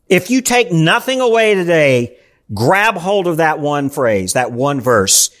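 A man's voice: high-pitched, expressive, measured pace, fairly bright tone. A male pastor preaching a sermon in church, emphatic and asking the congregation rhetorical questions.

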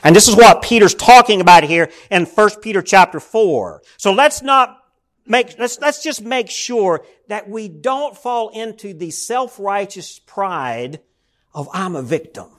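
A man's voice: sits high, expressive, unhurried, fairly bright tone. A male pastor preaching a sermon in a church, telling stories and calling out to the congregation. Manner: storytelling, calls out to the congregation.

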